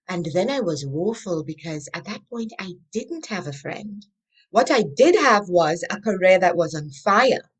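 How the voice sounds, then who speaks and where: A woman, a coach and interview guest, telling her story in an animated, expressive way. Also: lowish voice, normal speed, husky.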